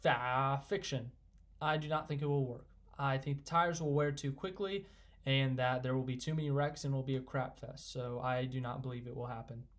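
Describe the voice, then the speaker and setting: A young man hosting a casual live stream, rambling excitedly and reading viewer comments aloud. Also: mid-range voice, normal speed.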